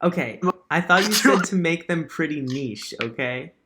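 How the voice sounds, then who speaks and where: A teenage boy in high school co-hosting a live stream, explaining chemistry in a relaxed, slightly sheepish way. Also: moderate pace, noisy background. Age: teens. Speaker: podcast co-host. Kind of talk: casual quiz banter on a live stream.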